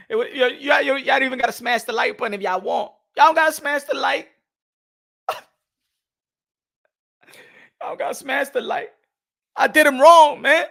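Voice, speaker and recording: A man with a high, gravelly voice hosts a boxing video, making a sarcastic apology full of theatrical fake sobs and sighs. His delivery is exaggerated and jumps from soft whimpers to loud cries. His tone stays bright and edgy throughout. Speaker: boxing YouTuber. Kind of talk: sarcastic mock apology vlog.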